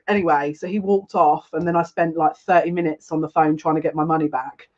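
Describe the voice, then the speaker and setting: A woman's voice: on the low side, fairly even intonation, quick pace, hardly any pauses, dull audio. A woman giving a casual live psychic reading to viewers, chatty and rambling, often breaking into laughter. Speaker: psychic reader.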